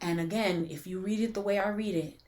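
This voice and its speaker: A woman in her forties co-hosting a casual faith podcast, telling stories with lots of laughter and many "like" fillers, sometimes going soft and hushed. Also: medium pitch, a little fast, slight background noise. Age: 40s. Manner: animated storyteller, laughs often, drops to a hushed tone when preaching. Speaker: podcast co-host.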